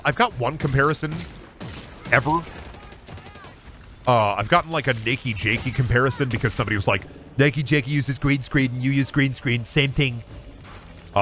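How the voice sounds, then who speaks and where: A man's voice: medium pitch, sharp tone. A male streamer giving casual gaming commentary, rambling and swearing freely.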